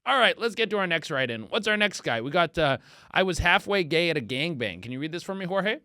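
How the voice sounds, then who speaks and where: A man's voice: fairly high pitch, brisk, no room sound, clean studio sound. A man hosting a comedy podcast, riffing crudely and acting out little quoted voices as he tells it. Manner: crude, animated storytelling with acted-out quotes. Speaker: podcast host. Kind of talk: casual comedic podcast chat.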